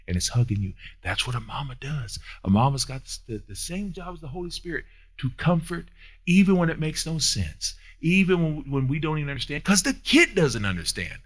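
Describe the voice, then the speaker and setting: A man preaching a sermon as pastor, with a folksy manner, swinging from loud high peaks down to soft hushed asides. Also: animated, fairly quick. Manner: folksy, uses down-home phrasing.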